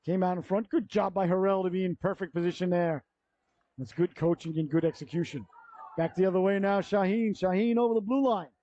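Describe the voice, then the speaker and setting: A man calls a youth hockey game play by play in a somewhat high but mellow, warm voice. He rambles into side stories and corrects himself as he goes. The sound is dry and dull, like lo-fi local broadcast audio. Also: brisk, no room sound. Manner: chatty, rambling asides and self-corrections. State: yawning, running out of breath. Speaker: play-by-play commentator.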